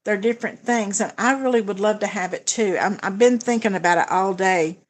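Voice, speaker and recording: A woman's voice: mid-range voice, fairly quick. Woman livestream host, casual and hesitant, talks through budget plans with viewers. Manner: chatty, hesitant, many fillers and restarts. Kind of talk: casual livestream chat reading comments.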